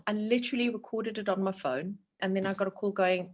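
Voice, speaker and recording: A woman's voice: mid-range voice, fast talker, few pauses, slight background noise. A woman from South Africa, a voice-over artist, chatting freely in an interview with many asides. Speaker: voice-over guest. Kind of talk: casual interview chat.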